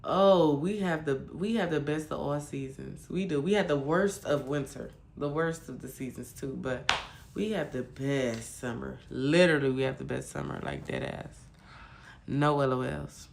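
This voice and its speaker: A woman from Michigan hosts a casual livestream chat with a gravelly, fry-laden voice. She talks bluntly to her viewers and curses freely. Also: low-pitched, moderate pace, a little hiss or hum. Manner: blunt, profane ranting to viewers. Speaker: livestream host.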